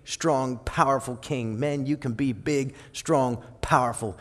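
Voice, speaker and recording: A male pastor preaching a sermon in an animated way, swinging from loud and lively to soft and low. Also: a little slow, hardly any pauses. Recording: long hall reverb.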